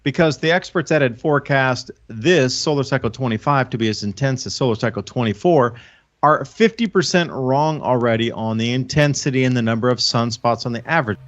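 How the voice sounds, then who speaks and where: A man's voice: medium pitch, brisk, muffled recording. A man giving a long, earnest, rambling explanation as a guest on a casual talk show, often restarting his sentences. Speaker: guest, online channel host. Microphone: own microphone.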